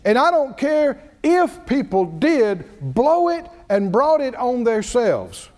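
A man preaching a sermon, telling the story with lively swings in his voice and acting out the people in it. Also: very high-pitched, takes it slowly. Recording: reverberant hall.

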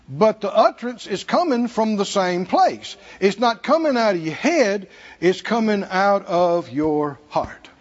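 A man's voice: sits high, lively intonation, a little slow, highs cut off. A man with a Southern American accent preaching a sermon in a church, folksy and humorous, chuckling between points. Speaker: pastor. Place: church sanctuary.

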